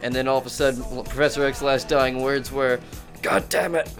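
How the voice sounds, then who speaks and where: A man in casual podcast chat, telling an improvised crude story and acting out the characters' lines with sudden shouts. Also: medium pitch, brisk, faint music behind. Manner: profane, excitable, acts out lines in shouts.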